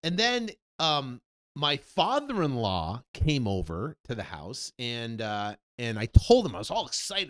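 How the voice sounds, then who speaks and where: Man, 50s, real estate coach, animated storyteller, very lively pitch swings. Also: measured pace. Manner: animated storyteller who acts out quoted dialogue. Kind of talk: personal story told to an audience.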